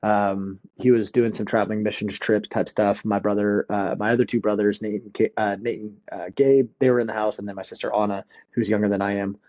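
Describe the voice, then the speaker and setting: Man, thirties, podcast guest, laughs a lot, warm dark voice, muffled lo-fi sound. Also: fairly low pitch, a little fast, hardly any pauses. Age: 30s. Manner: laughs often, animated when telling stories. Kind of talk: casual storytelling.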